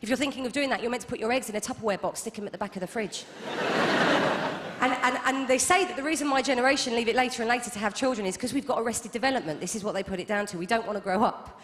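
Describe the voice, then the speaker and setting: A woman in her thirties performing a stand-up comedy set with wry, deadpan asides. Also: fairly high pitch, rapid-fire, background noise. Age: 30s. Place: comedy club stage. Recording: reverberant live club hall. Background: audience laughter.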